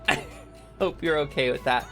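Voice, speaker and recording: A young woman streaming a video game, chatting casually with her viewers, joking around and yelling playful bits. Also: low voice, a little slow, soft background music. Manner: animated, joking, shouts bits and laughs often.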